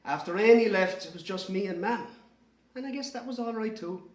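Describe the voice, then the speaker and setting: A man's voice: high-pitched, fairly quick, lightly acted. A man playing a rambling young Irish man. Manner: rambling, self-correcting, offhand. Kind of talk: audio drama monologue. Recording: roomy echo.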